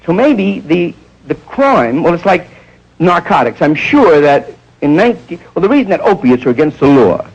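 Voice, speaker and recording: A man around forty, doing a rambling stand-up routine in a nightclub and jumping into loud character voices. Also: a little high, big pitch swings, normal speed, gravelly, slightly rough, dull audio. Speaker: stand-up comedian. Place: nightclub stage before a live audience. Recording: faint hiss, old 1960s live recording.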